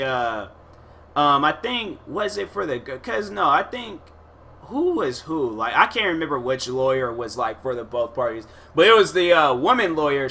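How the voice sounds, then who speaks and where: A man hosting a podcast, telling a story in a casual monologue, animated and exasperated, acting out his own reactions. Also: on the high side. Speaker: podcast host.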